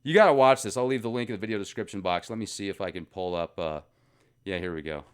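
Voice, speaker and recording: A man's voice: lowish voice, quick pace, smooth. A man hosting a casual commentary video, joking and rambling between topics. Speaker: video host.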